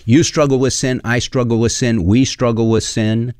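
A man's voice: mid-range voice, normal speed, hardly any pauses, no room sound, clean studio sound. A man preaching a sermon in an earnest, conversational way, with frequent fillers as he reads and explains scripture.

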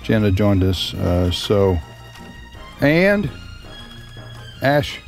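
A man's voice: fairly low pitch, sing-song, vocal fry, soft background music. A man hosting a radio talk show in a studio, chatting casually, often restarting words and joking. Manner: halting, repeats words, joking.

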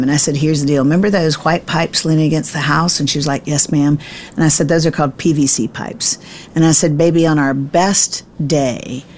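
A middle-aged woman Bible teacher telling a family story in an animated, self-deprecating way during a conversation. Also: low-pitched, slight background noise. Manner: self-deprecating, emphatic, quick to laugh at herself.

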